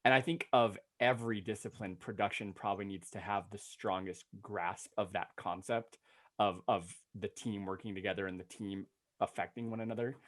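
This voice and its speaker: A man co-hosting a casual interview, talking in a relaxed, halting way with restarts. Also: lowish voice. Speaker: co-host.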